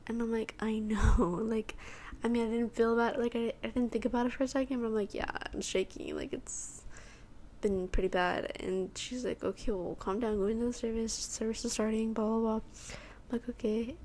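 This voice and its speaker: A teenage girl from Texas, USA, hosts a podcast, rambling through a personal testimony and acting out her own lines and what others said to her. Her fairly high voice is flat and dark in tone, a little fast with hardly any pauses, and there's a slight hiss or hum.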